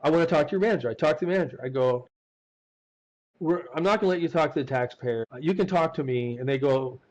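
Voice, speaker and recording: Man, slightly high voice, interview guest, animated storytelling, frequent restarts. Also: quick pace, poor audio. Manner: animated anecdotes with frequent restarts and acted-out quotes. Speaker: CPA guest.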